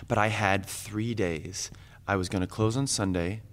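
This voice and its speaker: A man in his forties, a guest on a live podcast, telling a personal story with lively acted-out quotes and bursts of laughter. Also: lowish voice, measured pace.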